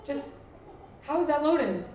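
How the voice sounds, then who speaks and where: A young woman tears through crude, self-deprecating stand-up and teases the front row. Her voice sits a little high and comes from far off the mic in a very echoey venue, with the audience laughing throughout. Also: very animated. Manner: brash, crude and self-mocking, quick asides to the crowd. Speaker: stand-up comedian. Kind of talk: stand-up comedy with crowd work. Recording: roomy live recording from a distance, crowd laughter.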